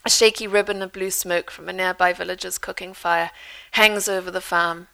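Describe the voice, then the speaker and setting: A woman's voice: on the low side, moderate pace, gravelly, low-quality recording. A woman author reading from her memoir and telling stories with dry humor. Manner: lively storyteller, dry humor.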